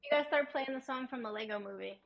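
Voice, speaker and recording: Brief: playful female co-host, slightly high voice, muffled, lo-fi line. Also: fast, vocal fry. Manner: playful and joking. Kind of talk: casual political chat.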